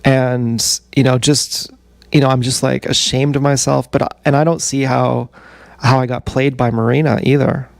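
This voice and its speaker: A man telling a long, meandering personal story on a livestream, halting and full of fillers. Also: mid-range voice, little pitch movement, creaky, no room sound. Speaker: streamer. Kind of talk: rambling livestream monologue.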